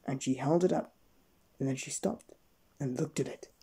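Male storyteller, gentle bedtime reader, warm low tone with a husky edge. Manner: gentle, unhurried storybook reading.

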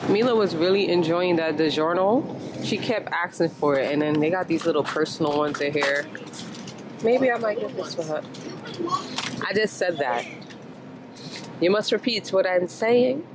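Chatty woman vlogging, lively pitch. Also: normal speed, long pauses, background noise. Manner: chatty, exclaiming often, talking to viewers. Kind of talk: casual vlog narration while shopping. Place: large store, indoors. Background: background music.

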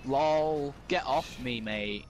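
A young man playing an online shooter with a friend, loud and excitable, swearing and laughing often. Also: medium pitch, slow pace, faint music behind. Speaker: gamer streamer. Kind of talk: excited gaming banter.

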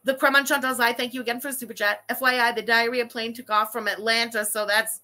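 Casting: young adult woman, high, bright, swearing, animated livestream host. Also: fast talker. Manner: profane, animated, ranting. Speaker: livestream host reading super chats. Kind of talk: casual livestream chat.

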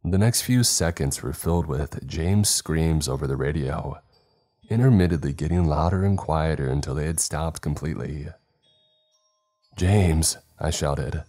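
A man with an extremely deep, low voice narrates a horror story in the first person. He reads in a measured, dramatic way, with faint music underneath. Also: darkish tone. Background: faint background music.

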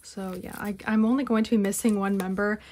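A young woman vlogging a haul of collector albums, chatting casually and gushing like an excited fan with whispered asides. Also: medium pitch, a little fast. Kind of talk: casual unboxing haul vlog.

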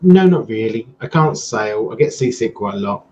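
A man's voice: fairly low pitch, expressive, moderate pace, dark tone, dull audio. A man chatting on a sports fan podcast in a laid-back, self-deprecating way. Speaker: podcast co-host. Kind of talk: casual chat.

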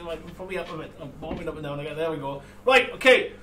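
A man's voice: a little high, expressive, rapid-fire, recorded from a distance. A man hosting a live model-making stream, chatting casually and laughing a lot, with many restarts and fillers. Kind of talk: casual livestream chat. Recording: echoey room, voice from off the mic, faint room noise.

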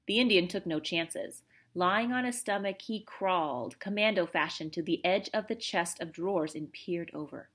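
A woman reading a children's novel aloud in an expressive, animated storytelling manner. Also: on the low side, moderate pace, slightly rough. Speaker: audiobook reader.

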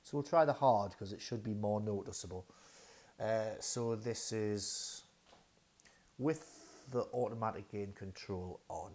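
A man's voice: on the low side, unhurried, darkish tone. A man casually reviewing new audio gear at home, thinking aloud with lots of fillers and hesitations, recorded through a wireless radio mic in a dining room. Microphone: wireless radio mic under test.

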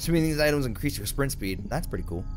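A young man giving let's play commentary, excitable and easily startled, talking to himself as he plays. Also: mid-range voice, fast, soft background music. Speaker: gamer.

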